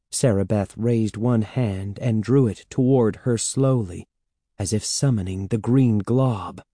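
A man narrating an audiobook in slow, measured storytelling, close to the mic. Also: on the low side, mellow, no echo. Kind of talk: scripted narration.

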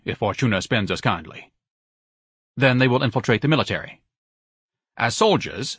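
A man narrates a first-person story in a pompous, grandiloquent manner. His voice is husky and sits at an ordinary male pitch. The recording is dry and close. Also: a bit bright, no echo. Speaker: audiobook narrator.

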